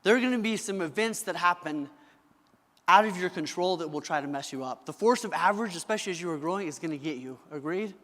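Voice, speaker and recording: A high-voiced man delivers a motivational keynote in a big hall, his speech ringing with long reverb. He is bright and forceful, punching each point and pressing the audience to answer him back. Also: lively intonation, quick pace. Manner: emphatic, asks the crowd for answers. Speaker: motivational speaker. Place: large event hall.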